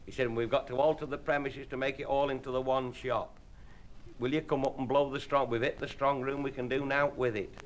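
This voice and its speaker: On a hissy old live tape recording, a man speaks briskly at medium pitch with little pitch movement. He's an after-dinner speaker spinning rambling, bawdy comic stories and chuckling as he goes, while the audience laughs.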